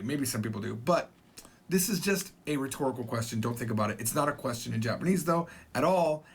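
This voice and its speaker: A man teaching a recorded Japanese lesson, his voice sitting a little high. He explains slowly, repeats each key phrase, and slips into casual, rambling asides. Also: husky. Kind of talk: recorded video language lesson.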